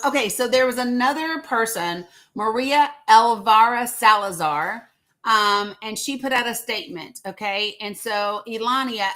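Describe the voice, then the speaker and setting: A woman's voice: on the high side, pushed and bright, rough recording. A woman host, chatting casually to viewers and reading statements aloud. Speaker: show host. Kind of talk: casual live-stream commentary.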